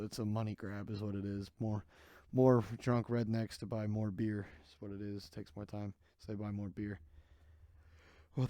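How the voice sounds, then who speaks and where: A man's voice: on the low side, mellow, no echo, clean studio sound. A man, hosting a casual solo podcast, rambling and candid, sleepy and yawning. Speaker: podcast host.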